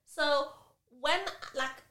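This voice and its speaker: A woman's voice: high-pitched, drawn-out words. A woman co-hosting a podcast, chatting casually and telling stories with many asides. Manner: animated, expressive storyteller with many asides. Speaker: podcast co-host. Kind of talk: casual chat, storytelling. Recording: echoey room.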